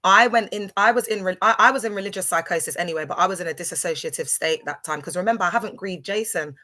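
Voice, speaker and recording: This London woman's fairly low voice comes out quick, pushed, and bright as she hosts a livestream. She tells a meandering personal story in casual monologue form, with lots of fillers and restarts.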